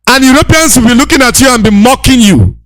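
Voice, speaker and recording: A man with a very high voice lectures with fervor, hammering the same points again and again and often raising his voice to a shout. The sound is dry, with no room around it. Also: expressive, fast talker, dry recording. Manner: preachy, repetitive, shouting rebukes. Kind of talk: impassioned lecture.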